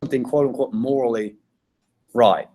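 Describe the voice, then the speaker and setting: A man's voice: medium pitch, fairly even intonation, moderate pace, dark tone. A man giving a casual classroom lecture, chatty, acting out his examples in little voices. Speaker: philosophy teacher.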